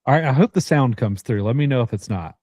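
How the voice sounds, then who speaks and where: A man's voice: mid-range voice, animated, quick pace, a little mellow, no room sound, clean studio sound. A man hosting a casual group chat, teasing the others and steering the talk. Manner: teasing, moderating. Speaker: host running the recording.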